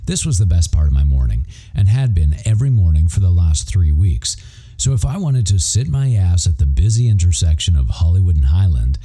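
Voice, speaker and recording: Deep-voiced man, husky and dark, wry profane first-person audiobook narration. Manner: wry, profane, self-mocking.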